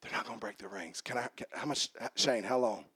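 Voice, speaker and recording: A man preaching a sermon as pastor, swinging from quiet joking asides to shouted preaching and calling out to the congregation. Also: medium pitch, a little fast, breathy edge, no room sound. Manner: talks back and forth with the congregation. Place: church service.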